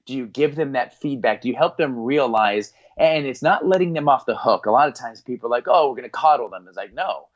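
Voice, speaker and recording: A man's voice: mid-range voice, a little fast, few pauses. A middle-aged man, a performance psychologist, telling stories earnestly as a podcast guest and acting out the people in them. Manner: earnest, animated storyteller who acts out quoted voices. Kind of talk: storytelling in a podcast interview. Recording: slightly dull lo-fi audio.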